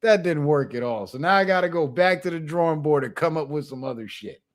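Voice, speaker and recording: A young adult man hosting his channel, telling a funny story in a casual monologue, animated and profane, with laughs. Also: a little high, brisk. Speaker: channel host.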